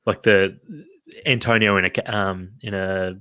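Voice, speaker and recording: A low-pitched man chats loosely about a football match, piling up restarts and the occasional curse. His voice sits close and dry on the mic, with no room sound. It sounds like an easygoing podcast co-host. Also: fairly even intonation, normal speed, pushed and bright, smooth, no room sound. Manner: rambling, with restarts and casual swearing. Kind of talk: casual football chat.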